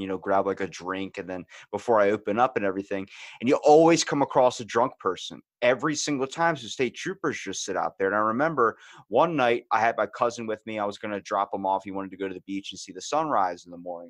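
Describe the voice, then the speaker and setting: A man hosting a podcast, telling stories in casual chat with lots of swearing and loud acted-out quotes. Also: lowish voice, no room sound, studio quality. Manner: animated storyteller, swears freely, acts out quotes loudly.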